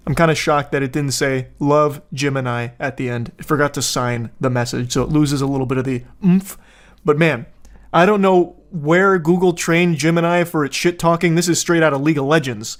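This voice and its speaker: A young man hosts a casual commentary video, mixing sarcastic asides with frequent swearing. His voice sits a little higher than most men's. He sounds loose and offhand as he reacts. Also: normal speed. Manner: sarcastic, profane, jokey asides.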